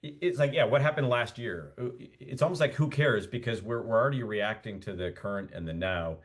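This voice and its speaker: A man's voice: lowish voice, fairly quick. A middle-aged man on a video call gives his opinions with enthusiasm in a roundtable discussion. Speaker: roundtable participant, marketer.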